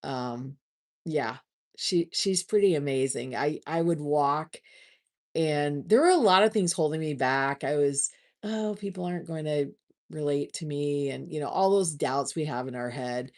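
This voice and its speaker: A woman hosting a casual livestream, chatting warmly with viewers and often restarting her words. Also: low voice, expressive, a little slow. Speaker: livestream host.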